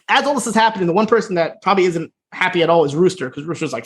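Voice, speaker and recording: Guy on a podcast racing through an episode recap, acting out the lines, laughing a lot. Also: high-pitched. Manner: fast, animated retelling with laughs and acted-out quotes. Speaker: podcast co-host. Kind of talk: casual chat recapping a TV episode.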